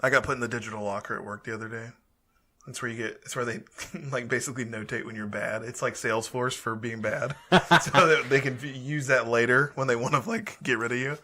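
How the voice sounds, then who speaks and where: A man's voice: mid-range voice, a little fast. A young man co-hosting a casual podcast, telling stories with lots of swearing and laughter. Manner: profane, animated storytelling, laughs often. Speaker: podcast co-host.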